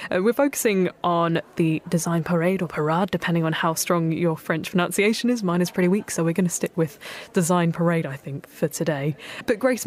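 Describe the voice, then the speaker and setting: A woman hosting a design radio show from the studio. She chats in a relaxed way. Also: on the low side. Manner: chatty, relaxed. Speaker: radio host.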